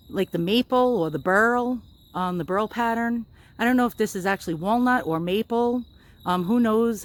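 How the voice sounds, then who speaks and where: A woman casually narrating her furniture restoration vlog, chatty and self-deprecating, with lots of ums and uhs. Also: medium pitch. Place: outdoors in sunlight.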